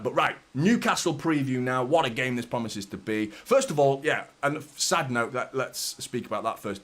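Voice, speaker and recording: A man's voice: on the low side, fairly bright tone. A man, hosting his football fan channel in a rambling, chatty way. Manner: chatty, rambling, repeats "do you know what I mean". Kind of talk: casual vlog chat.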